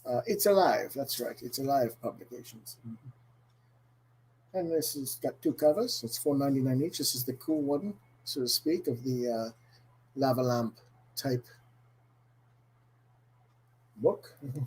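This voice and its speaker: A male host chatting casually about his week's comic book haul in a deliberately bad, exaggerated put-on Irish accent, with frequent "mm-hmm" fillers. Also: mid-range voice, a little mellow, slight background noise, rough recording.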